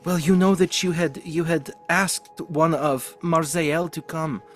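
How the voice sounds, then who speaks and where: A man's voice: a little high, steady tone, measured pace, soft background music, pitched above the performer's own voice, natural voice. A man voicing a nervous, apologetic female servant who hesitates and stammers.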